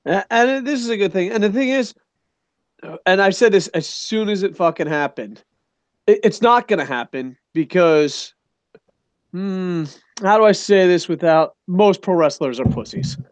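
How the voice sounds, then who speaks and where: Male show host, slightly high voice, rambling and profane, dry close sound. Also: unhurried, smooth, no echo. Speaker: podcast host. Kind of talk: casual wrestling chat.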